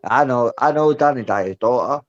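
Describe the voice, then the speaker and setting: A man's voice: medium pitch, normal speed. Guy ranting on voice chat, swears a lot, "lad" "mate" every line, muffled lo-fi sound. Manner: sweary and rambling, ends phrases with "lad" or "mate". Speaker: guest on a voice-chat show. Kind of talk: rowdy casual chat. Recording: dull lo-fi voice-chat audio.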